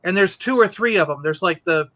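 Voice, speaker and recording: High bright-voiced man telling a story. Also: a little fast. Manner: animated storyteller, acting out quotes. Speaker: podcast co-host. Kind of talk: casual chat.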